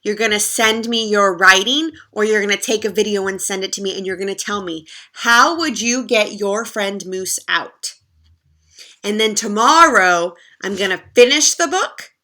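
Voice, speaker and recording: A woman's voice: medium pitch, pushed and bright. A woman teacher reading a picture book aloud to children and asking them questions as she goes. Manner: asks the children questions directly. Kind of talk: children's read-aloud lesson.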